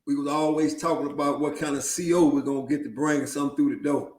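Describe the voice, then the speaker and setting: A man's voice: on the high side, fairly even intonation, quick pace, a little mellow. A man hosting an interview, asking questions and ending his points with "right?". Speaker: host. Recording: roomy echo.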